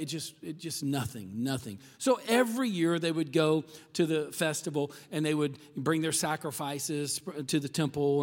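A man preaching a sermon in a chatty, conversational way, often checking in with the listeners. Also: a little high. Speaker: pastor. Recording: long hall reverb.

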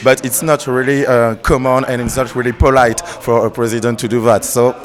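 Brief: French-accented musician from Haiti, plain mid-pitched male voice, halting English, searching for words. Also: level tone. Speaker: band musician. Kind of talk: casual interview.

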